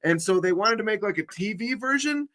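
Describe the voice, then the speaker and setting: Man, casual group chat, animated, acts out quotes, lively pitch. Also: a little fast, slight background noise. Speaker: panel participant.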